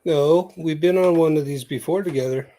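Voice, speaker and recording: A man's voice: on the high side, moderate pace, mellow. A man on a livestream as a guest, chatting in an easygoing way. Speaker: stream guest. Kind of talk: casual chat.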